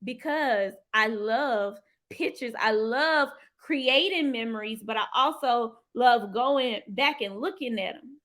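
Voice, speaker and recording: A woman hosting a motivational live stream. She talks in an animated, heartfelt way, lets out sudden whoops and calls her viewers "y'all". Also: a little high, slow pace, hardly any pauses. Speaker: livestream host and financial coach.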